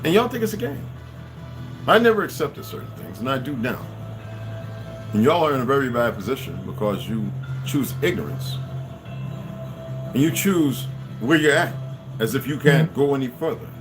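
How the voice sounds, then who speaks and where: A middle-aged man telling a rambling, profane story that turns into a loud rant. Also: medium pitch, sing-song, normal speed, pauses often, soft background music. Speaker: channel host telling stories.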